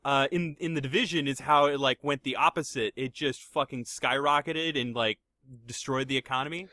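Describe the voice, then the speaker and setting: A man's voice: medium pitch, moderate pace, sharp tone, no room sound, clean studio sound. A young man co-hosting a podcast in casual chat, swearing often and stammering through restarts with sarcastic humor. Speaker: podcast co-host.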